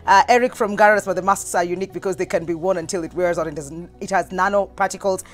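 A woman's voice: lowish voice, steady tone, fast. Bubbly Kenyan woman hosting a TV show. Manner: bubbly, reads out viewer messages and winners. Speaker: talk show host. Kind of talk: lively TV talk show hosting. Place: TV studio.

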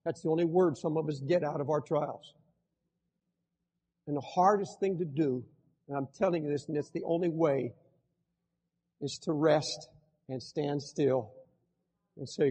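An older man preaching a sermon as pastor, swinging between loud impassioned outbursts and hushed pleading. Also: on the high side, a little slow, long pauses, slightly rough, in a large hall.

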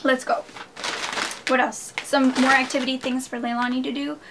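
Excited young woman vlogger gushing to her viewers, slightly high voice, some noise in the background. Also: moderate pace. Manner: gushing, enthusiastic, addresses viewers as "you guys". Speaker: haul vlogger. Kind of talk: casual chatty haul vlog.

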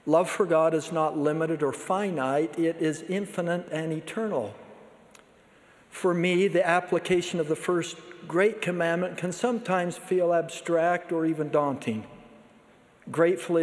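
A man delivers a sermon at a large conference, his voice sitting a little high for a man. He speaks in a measured, earnest way. The sound rings with the long reverb of a big hall. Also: fairly even intonation. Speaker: church leader giving a conference address.

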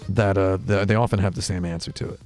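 A man hosting a casual interview in a small studio, deadpan and rambling, with music behind. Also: deep voice, quick pace. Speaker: host.

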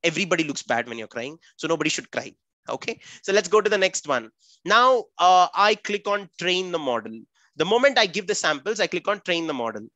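A man's voice: sits high, very animated, a little fast, bright, forceful tone, dry recording. A man with an Indian English accent teaching a live online coding class for children, upbeat and chatty, calling on students by name.

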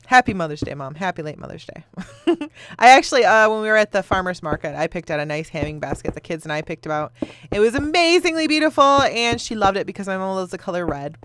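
A woman's voice: mid-range voice, sing-song, fast, fairly bright tone, clean tone, dry recording, clean studio sound. A woman in her thirties, a gaming video host, chatting casually and telling rambling stories while she plays, laughing often. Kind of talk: casual chat while playing a game.

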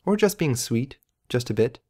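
A man's voice: mid-range voice, very animated, moderate pace, warm tone. A man voicing a teasing young woman whose speech carries a faint trace of accent, in an audiobook. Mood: playful. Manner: playful, teasing.

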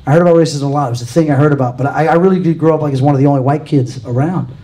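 A man's voice: fairly high pitch, very fast, warm tone, low-quality recording. A man from Louisiana doing a live stand-up set in a comedy club, dry and self-deprecating, chatting with the crowd. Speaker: stand-up comic.

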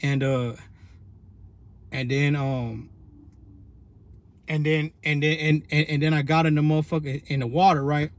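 A man's voice: a little high, flat delivery, a little slow, pauses often. A man telling a rambling story in a loose, slang-heavy way, full of restarts and "you feel me" tags. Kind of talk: casual storytelling monologue.

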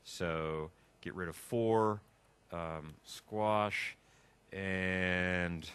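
A man teaching a live software workshop, joking and chatting as he thinks aloud and types. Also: low voice, steady tone, drawn-out words, clean tone. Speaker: instructor. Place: classroom with a live audience.

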